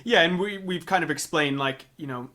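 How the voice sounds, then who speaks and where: A young man from the South, co-hosting a casual podcast, animated and quick to laugh, with lots of fillers. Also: a little high. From Southern United States. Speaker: podcast co-host. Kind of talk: casual chat.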